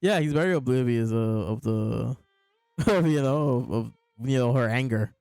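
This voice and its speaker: A man's voice: mid-range voice, moderate pace, creaky, darkish tone, smooth, dry recording. Chatty man laughing through a review. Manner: amused and chatty, laughs often. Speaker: podcast host reviewing manga. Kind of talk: casual chat.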